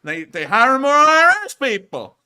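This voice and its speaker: A man's voice: very high-pitched, wildly swooping pitch, moderate pace, sharp tone, smooth, pitched above the performer's own voice, full character voice. A man voicing a folksy rural Southern good-old-boy man with a put-on Southern American drawl, repeating folksy catchphrases, as a comic impression on a live stream. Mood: folksy ranting. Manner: folksy drawl, repeats "I tell you what".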